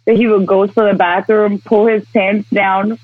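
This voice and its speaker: A man's voice: high voice, flat delivery, moderate pace, dry recording. A man co-hosting a podcast, telling stories in a laid-back, slangy casual chat. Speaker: podcast co-host. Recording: dull lo-fi mic.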